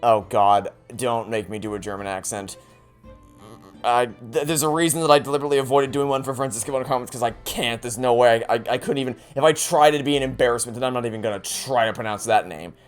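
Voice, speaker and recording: A man commentating on a game he is playing for the first time, animated and sarcastic. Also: mid-range voice, fast talker, soft background music. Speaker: let's play host. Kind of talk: gameplay commentary.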